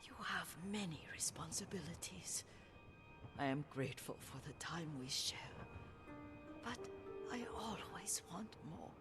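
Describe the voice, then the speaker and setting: A frail, dying old nursemaid, speaks in soft, breathy whispers. Her voice is low for a woman and very slow, full of gentle remembering. Game music plays behind her. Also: lively intonation. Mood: tender, wistful. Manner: slow, wistful, tender remembering.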